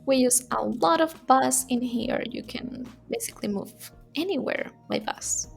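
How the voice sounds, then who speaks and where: A woman teaching Spanish in a casual video lesson, chatty and repeating phrases slowly for learners. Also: sits high, gravelly, soft background music.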